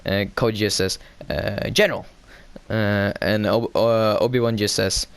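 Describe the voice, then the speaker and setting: A man casually recapping a show episode. He hesitates a lot, fills pauses with "uh" and "um", corrects himself, and gets excitable as he retells the scenes. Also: on the low side, smooth, no room sound. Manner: hesitant, heavy fillers and self-corrections.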